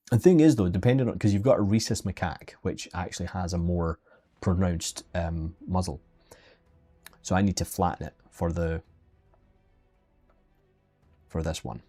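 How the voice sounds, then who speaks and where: A man's voice: low-pitched, dark tone. A man chatting casually and jokingly while teaching digital sculpting on a live stream, often restarting his sentences. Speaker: 3D sculpting instructor. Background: faint background music.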